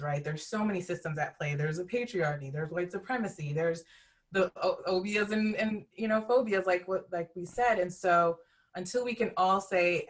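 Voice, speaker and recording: A woman on a discussion panel, speaking in a heartfelt, reflective way and often asking "you know what I mean?". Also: lowish voice.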